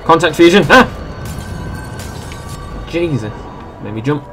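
Young man, let's play host, self-mocking asides, fairly high voice, very animated. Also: takes it slowly, over music. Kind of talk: casual gameplay commentary.

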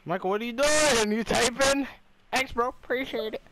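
A young man, the host, chatting casually while gaming, swearing, laughing and yelling sudden high-pitched shouts. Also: moderate pace, a little hiss or hum.

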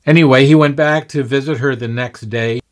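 A man's voice: medium pitch, fairly even intonation, brisk. Earnest man reading a story aloud.

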